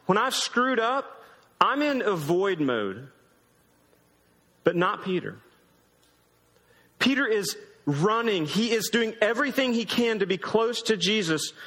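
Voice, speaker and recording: Man in his thirties, pastor, high bright voice, casual joking sermon, long hall reverb.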